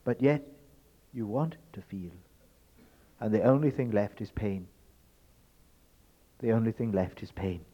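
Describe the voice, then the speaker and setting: A man giving a spoken lecture in an emphatic, rhetorical way, swinging between loud stresses and hushed asides. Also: on the low side, a little slow, pauses often. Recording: dull lo-fi recording.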